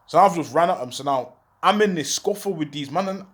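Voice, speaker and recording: A man's voice: a little high, a little fast, husky. A young man telling a story from jail in street slang, acting out the voices of the people in it. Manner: street slang, animated retelling with quoted voices. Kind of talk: storytelling monologue.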